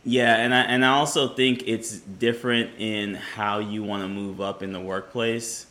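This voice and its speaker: A man's voice: fairly low pitch, moderate pace. A man co-hosting a podcast, talking casually, hedging and pushing back in a debate. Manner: relaxed, hedging with fillers, pushes back. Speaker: podcast co-host.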